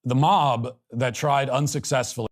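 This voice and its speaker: A man giving a measured, emphatic scripted commentary monologue, building his points line by line. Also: medium pitch, steady tone. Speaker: political commentator.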